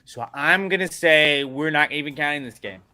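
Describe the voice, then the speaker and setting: A man co-hosts a casual sports podcast in a bright, forward voice. He rants indignantly about refereeing calls and slips in deadpan jokes. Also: a little high, moderate pace, dry recording. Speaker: podcast co-host.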